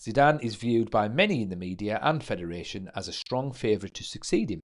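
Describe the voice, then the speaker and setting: A man's voice: lowish voice, lively intonation, brisk. A man hosting a late-night football livestream in a casual tone, reading out notes and viewer comments and adding chatty asides. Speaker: livestream host.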